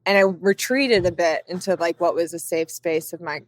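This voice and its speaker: A woman's voice: lowish voice, normal speed. A young woman talking casually as a podcast guest, filling her sentences with "like" as she reflects on her path. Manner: chatty, many "like" fillers. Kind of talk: casual conversation.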